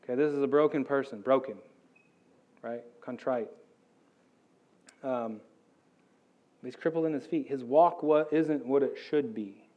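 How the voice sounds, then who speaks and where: An American man giving a casual Bible teaching, talking informally with many "like"s and "right?"s. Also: mid-range voice. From United States. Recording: dull lo-fi sound.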